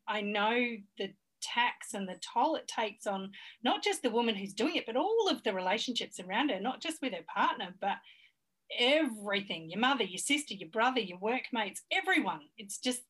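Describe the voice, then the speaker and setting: A woman's voice: a little high, lively intonation, normal speed, fairly bright tone, husky. A woman in her forties with an Australian accent, a guest on a podcast interview, telling stories frankly and with emphasis. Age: 40s. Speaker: fertility coach guest.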